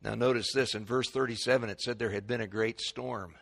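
A man preaching a sermon to a congregation, swinging between loud proclaiming and hushed, dramatic quiet. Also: mid-range voice, steady tone, a little fast, creaky.

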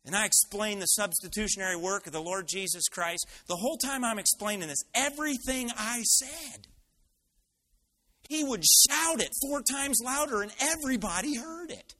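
Animated male preacher with bright voice. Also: high voice, moderate pace. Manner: animated, personal anecdote. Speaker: pastor. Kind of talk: sermon storytelling.

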